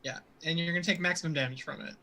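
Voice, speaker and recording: A man's voice: fairly high pitch, fairly even intonation, very fast, sharp tone, a little hiss or hum. A man running a tabletop role-playing game as dungeon master, narrating the action playfully.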